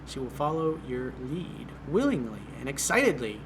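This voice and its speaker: A man's voice: medium pitch, very animated, moderate pace, slight background noise. A man working as a dating coach, reading out and answering a viewer's email in a blunt, direct way.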